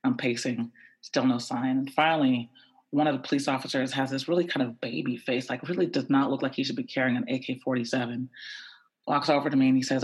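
A man from the United States telling a tense personal story with animated, repetitive buildup. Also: medium pitch, fast talker.

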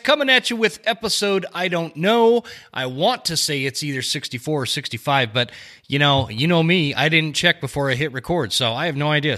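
Bright-voiced rambling male podcast host. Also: fairly high pitch. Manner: rambling, with many fillers and self-corrections. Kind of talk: casual podcast chat. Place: small home studio under remodel.

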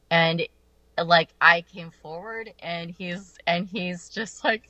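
A woman casually telling a personal story, animated and acting out what people said, swearing freely. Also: lowish voice, slow pace, no room sound. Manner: animated, acts out quoted voices, swears freely.

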